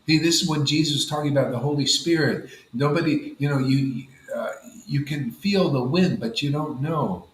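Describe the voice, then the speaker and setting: A man's voice: a little high, moderate pace, roomy sound, a little hiss or hum, low-quality recording. Man giving a rambling devotional talk. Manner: rambling and conversational, peppered with "you know" and "man". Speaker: spiritual teacher leading a devotee gathering. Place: room with a gathered group of listeners.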